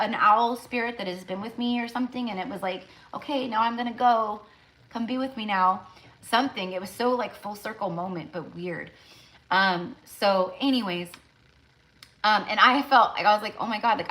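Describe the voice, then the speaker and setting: Tarot lady on a livestream, bright sharp voice, rambly and emotional, lots of "like"s. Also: mid-range voice. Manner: rambling and emotional, with many fillers. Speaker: tarot reader. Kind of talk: casual live-stream chat.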